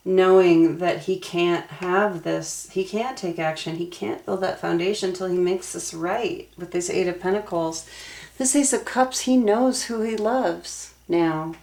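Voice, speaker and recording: A young adult woman gives a tarot reading, talking through the cards aloud in an earnest, emotionally invested way. Her voice is fairly low and a little mellow, with a measured pace.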